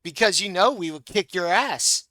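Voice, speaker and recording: A man voicing a brash arena fighter who taunts his rivals loudly in a tabletop game. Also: high-pitched, animated, normal speed, no room sound, pitched above the performer's own voice, low-quality recording. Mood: taunting.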